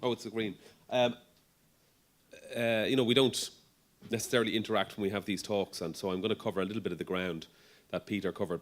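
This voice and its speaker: A middle-aged man, a neurologist giving a conference presentation in a conversational way, with frequent ums, restarts and light humor. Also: lowish voice.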